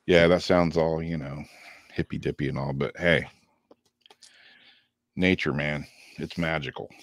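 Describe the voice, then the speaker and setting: A man's voice: very deep voice, steady tone, measured pace, no room sound, clean studio sound. A laid-back man co-hosting a casual livestream, chatting and reading card meanings aloud, laughing easily while losing his voice. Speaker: co-host.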